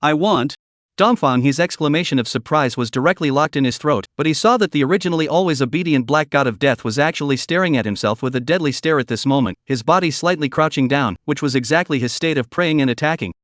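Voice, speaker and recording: A man narrating a fantasy comic story recap in a steady, even reading. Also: fairly high pitch, fast, hardly any pauses, dry recording, studio quality.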